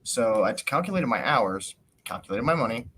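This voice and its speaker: Speaking at a normal pace with a medium-pitched voice, a male podcast host tells a story as a casual, animated rant. He swears often and acts out people's words, with slight background noise behind him.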